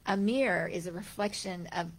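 A middle-aged woman giving a gentle, conversational spiritual talk, full of rhetorical questions and small restarts. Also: on the low side, normal speed. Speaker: spiritual teacher. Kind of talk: talk on Vedanta teaching.

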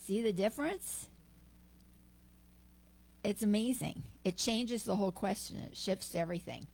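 A woman minister delivering a sermon with expressive, emphatic storytelling. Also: mid-range voice, unhurried, gravelly.

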